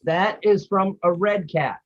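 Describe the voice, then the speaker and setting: A man's voice: sits high, unhurried, lo-fi sound. A man in a casual group chat, talking in an easygoing, matter-of-fact way.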